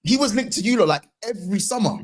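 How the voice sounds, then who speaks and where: A man's voice: high-pitched, expressive, fast talker, over a noisy crowd. A man co-hosting a casual football live stream, joking and teasing the others in playful banter. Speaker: co-host.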